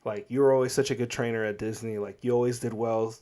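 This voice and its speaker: A man's voice: mid-range voice, steady tone, fast. Man co-hosting, chatty and teasing. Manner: warm teasing praise, filler "like". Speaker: podcast co-host. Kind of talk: casual chat.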